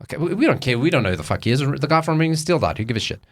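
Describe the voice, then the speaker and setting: Animated, swearing podcast co-host, a man. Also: medium pitch, racing. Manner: animated storytelling, swears, acts out quotes. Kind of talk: casual chat.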